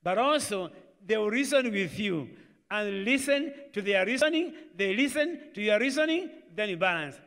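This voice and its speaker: This sermon comes from a man with a Kenyan accent who addresses youth, acting out family dialogues and slipping Swahili into his English. He speaks at a moderate pace in a high, expressive, slightly bright voice, recorded on a church hall live stream with long reverb.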